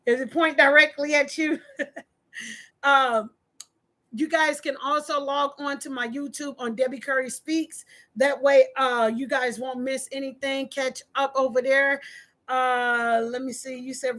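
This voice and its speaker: A woman's voice: high-pitched, steady tone, measured pace, a bit bright. A woman hosting a live-streamed relationship advice talk, reading viewer comments and preaching emphatically with lots of repetition. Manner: emphatic and preachy, with repeated phrases. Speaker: host of a relationship talk channel.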